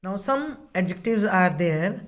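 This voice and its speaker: A woman teaching children grammar. She speaks at a very unhurried pace and stresses and repeats each key word. Her voice sits at an ordinary middle pitch. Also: lively intonation. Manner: slow, deliberate explaining, repeating key words. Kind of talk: classroom grammar lesson.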